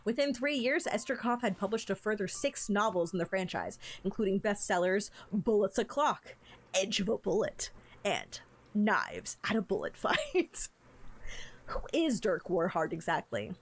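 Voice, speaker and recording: A woman's voice: medium pitch, sing-song, unhurried. A woman streamer reading a book from a game aloud to her chat, breaking off for playful asides.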